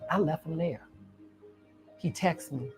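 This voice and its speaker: A woman's voice: low voice, slow, darkish tone, soft background music. A woman telling a personal story, dramatic and vivid, acting out each scene and calling the listener honey. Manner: dramatic, acts out scenes and voices.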